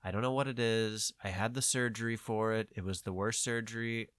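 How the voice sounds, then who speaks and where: A man's voice: lowish voice, a little fast, clean tone, no echo, studio quality. A man with a nasal voice, talking in casual podcast chat, rambling and swearing as he tells a story. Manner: rambling, profane, animated storytelling. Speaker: podcast host.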